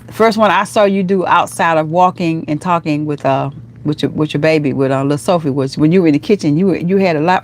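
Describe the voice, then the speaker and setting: A woman's voice: low voice, fast talker. Chatty woman hosting a live stream. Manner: chatty, animated, calls viewers girl and honey. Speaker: vlogger hosting a livestream. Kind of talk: casual livestream chat reading comments.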